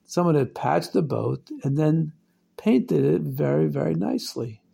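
A man hosting a storytelling show, narrating a tale slowly and deliberately, with long pauses. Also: on the high side, vocal fry, dark tone, husky. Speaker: storyteller host.

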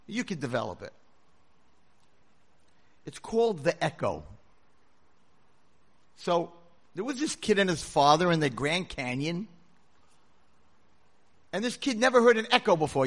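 A rabbi giving a sermon to a room of listeners, telling stories dramatically and swinging from a hush to full shouts. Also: male voice, mid-range voice. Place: lecture hall with audience.

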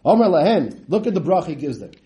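A man teaches a Talmud lesson in a mellow, somewhat high voice. He reads the Aramaic text and translates it as he goes. He keeps asking his listeners rhetorical questions, with big dramatic swings in pitch. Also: very animated, fast talker.

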